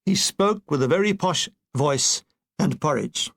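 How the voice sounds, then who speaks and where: A man's voice: a little high, lively intonation, a little slow, a bit bright. An older man reading his own war memoir aloud, with dry comic timing. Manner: dry comic delivery with brief put-on voices. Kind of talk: audiobook narration.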